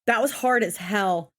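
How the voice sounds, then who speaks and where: Young female podcast co-host with a higher voice, ranting casually and swearing freely. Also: breathy edge. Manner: exasperated, profane ranting. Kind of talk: casual recap chat.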